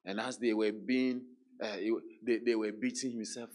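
A man preaching a sermon, emphatic, repeating words and dropping into hushed quotes. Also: lowish voice, flat delivery, moderate pace.

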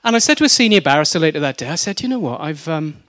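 His voice a little high and racing along, a middle-aged Welsh-accented man from South Wales preaches a sermon. He spins lively stories with mimicry and humor.

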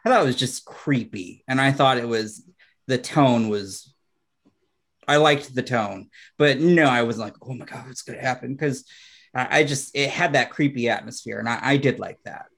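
A man co-hosting a horror podcast, sharing his view in quick, halting bursts that double back on themselves. His voice sits at an average pitch for a man. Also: gravelly, fairly bright tone. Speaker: podcast co-host. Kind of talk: casual film review chat.

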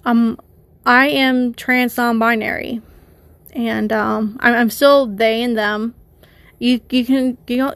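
A person with a feminine voice hosting a confessional solo podcast, talking haltingly with many restarts and addressing listeners directly. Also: female voice, on the high side, creaky, fairly bright tone, no room sound. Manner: conflicted, rambling, talks to listeners. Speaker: podcast host.

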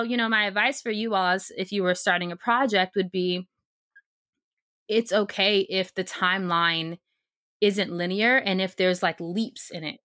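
An energetic woman talks as a guest coach in a casual podcast chat. She is emphatic and frank, and drops in the odd swear. Her voice sits at a middle pitch and the sound is dry and close. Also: no echo.

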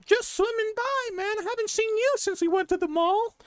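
A woman voicing a goofy, excitable male sea turtle, silly and giggly, in a comedic fan dub. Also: very high voice, moderate pace, no room sound, clean studio sound. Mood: cheerful. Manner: giggly, wide-eyed, silly.

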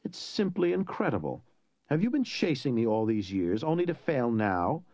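A man's voice: mid-range voice, huge pitch swings, normal speed, a little mellow, no room sound, studio quality. A man voicing a cruel middle-aged nobleman who talks in a sneering, gloating way.

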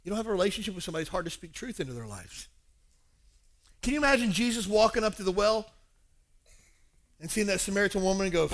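Animated high-voiced male pastor preaching. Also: fast talker, pauses often. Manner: animated, acts out dialogues. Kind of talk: sermon.

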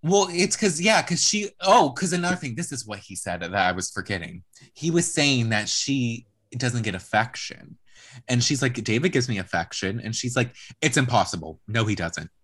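A woman's voice: extremely low pitch, animated, normal speed, slightly rough. Chatty swearing woman recapping TV. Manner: chatty, swears, acts out quotes. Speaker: podcast co-host. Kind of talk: casual reality-TV recap chat.

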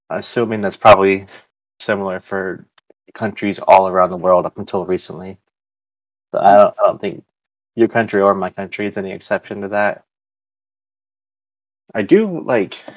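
A man's voice: fairly low pitch, no echo, lo-fi sound. A man, hosting a casual chat in a rambling way with many fillers. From United States. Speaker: podcast host.

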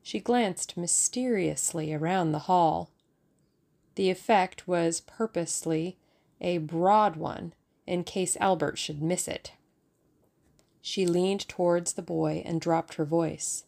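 A woman reads a novel aloud in a measured, expressive way. Her voice sits slightly low and has a gravelly, creaky texture. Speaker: audiobook narrator. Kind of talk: audiobook narration.

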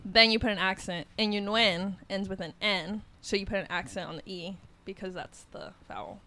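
Bright-voiced young woman chatting. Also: medium pitch, normal speed. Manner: animated, swearing, laughing often. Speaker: podcast co-host. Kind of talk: casual chat.

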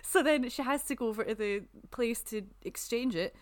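A young Scottish woman co-hosting a podcast, telling travel stories in a giggly, animated way. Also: fairly high pitch, moderate pace. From Scotland. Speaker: podcast co-host. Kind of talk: casual storytelling chat.

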